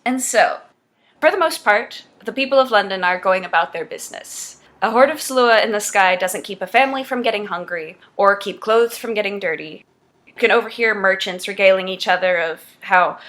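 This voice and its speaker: A woman's voice: medium pitch, moderate pace, a bit bright. A woman game master narrating a tabletop role-play in a descriptive, good-humored way.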